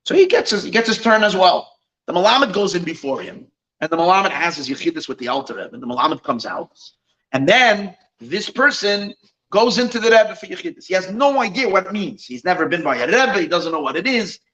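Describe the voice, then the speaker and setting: A man, a rabbi, telling a Chassidic story at an evening gathering, animated, with many restarts and Yiddish phrases mixed in. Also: high voice, fairly quick, poor audio.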